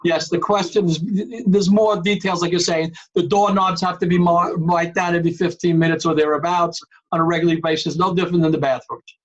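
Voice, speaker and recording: High-voiced man chairing a video meeting. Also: little pitch movement, a little fast, highs cut off. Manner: emphatic, calls on members by name. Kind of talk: online board meeting. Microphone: video call.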